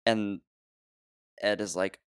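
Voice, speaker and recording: Man, casual storytelling, low smooth voice, dry close sound, laughs a lot. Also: takes it slowly, dry recording. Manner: animated, laughs often, trailing restarts. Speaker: podcast co-host telling a story.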